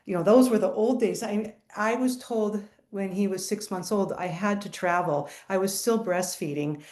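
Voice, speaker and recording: A woman in her fifties, a business owner, speaks as a webinar panelist. Her delivery is soft-spoken and halting, with an emotional catch that suggests she is close to tears. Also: mid-range voice.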